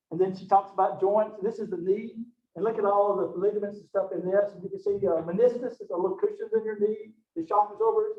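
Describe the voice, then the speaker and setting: A man giving a college biology lecture in a folksy, joking way, talking to his students with y'all and okay. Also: high voice. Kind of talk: recorded classroom lecture. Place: classroom. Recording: echoey classroom, distant, phone-like audio.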